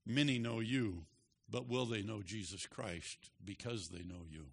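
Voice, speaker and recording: A man preaching a sermon, moving from quiet emphasis to loud, passionate preaching. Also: fairly low pitch, unhurried, vocal fry, breathy edge, in a large hall.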